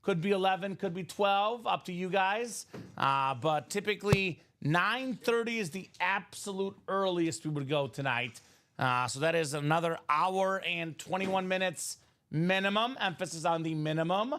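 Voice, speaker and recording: A man hosting a live card-break stream, chatting casually and pitching breaks with lots of filler words. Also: unhurried, fairly bright tone. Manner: upbeat, chatty, salesy, many "uh" fillers. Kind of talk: casual sales chat on a livestream.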